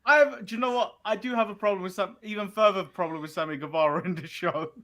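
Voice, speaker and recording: A man's voice: high-pitched, fast, sharp tone. A man from England co-hosting a casual wrestling recap, bantering with exasperated sarcasm. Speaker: podcast co-host.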